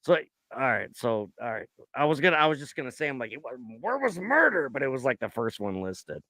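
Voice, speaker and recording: A man with a mid-range voice talks quickly, with no echo, as he hosts a casual true-crime podcast. He reads out a case and riffs on it, joking, animated, and swearing heavily.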